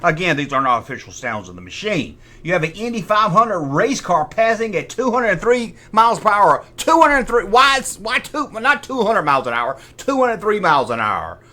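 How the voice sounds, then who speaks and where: A man's voice: high-pitched, big pitch swings, normal speed, hardly any pauses, pushed and bright. A middle-aged man hosting a comic toy review. He makes sarcastic asides and imitates sound effects with his mouth. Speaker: toy collector host.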